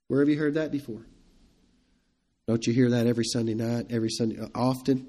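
A man's voice: medium pitch, fairly even intonation, fast, long pauses, mellow. A man preaching an evening sermon to his congregation in a conversational, emphatic way. He chuckles between points and asks his listeners questions. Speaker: pastor.

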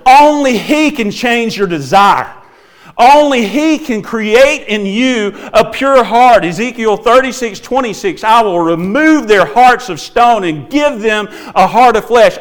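Man, preacher, earnest sermon, high voice, smooth clear tone, repeats words when restarting. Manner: earnest, swings between emphatic and hushed; sings a few hymn lines.

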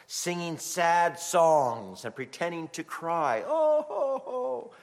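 A middle-aged man preaching a sermon as a pastor, telling stories in an animated way. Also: fairly high pitch. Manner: animated storytelling, acts out quoted voices. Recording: long hall reverb.

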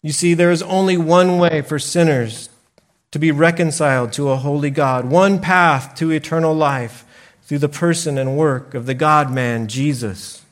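A man preaching a sermon slowly and deliberately, pausing for emphasis. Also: on the high side. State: briefly choked up. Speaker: pastor.

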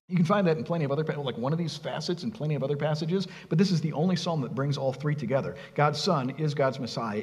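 A man's voice: on the high side, big-room sound. A middle-aged man preaching a sermon, earnest and emphatic, asking the congregation rhetorical questions. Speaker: pastor.

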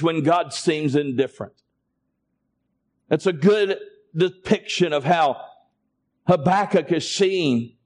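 A man preaching a sermon and calling for responses from his congregation. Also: a little high. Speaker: pastor.

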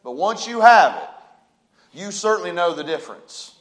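A man's voice: high-pitched, animated, moderate pace, a bit bright, low-quality recording. A man, a pastor preaching a sermon to his church, building emphasis and calling for responses. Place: church sanctuary.

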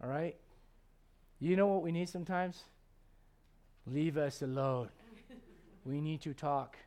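A middle-aged male pastor preaching a sermon in an animated, joking way. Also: a little high, normal speed. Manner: animated, joking, acts out quoted voices.

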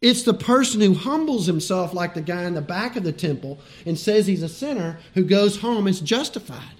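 A preacher with a high male voice. He talks to his congregation like friends, leans hard on his key words, and chuckles now and then between his points. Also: animated, normal speed. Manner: conversational, emphatic, laughs between points. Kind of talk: sermon.

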